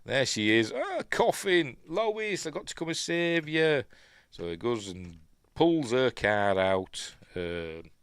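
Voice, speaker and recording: A man's voice: on the low side, fairly bright tone, dry recording. A man with a Yorkshire accent giving a casual, rambling review while watching a film, full of fillers and chuckling asides. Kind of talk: casual commentary over a film.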